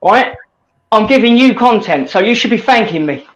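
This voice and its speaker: A man's voice: high voice, lively intonation, normal speed. A man in a heated live-stream voice chat, blunt and combative, swearing often. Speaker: stream regular in a voice-chat argument. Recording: dull lo-fi mic with noise.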